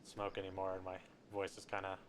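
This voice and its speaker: Raspy-voiced man rambling over gameplay. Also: deep voice, monotone, brisk, a little hiss or hum. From Colorado. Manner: rambling, joking asides. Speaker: game streamer. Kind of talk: casual gameplay commentary.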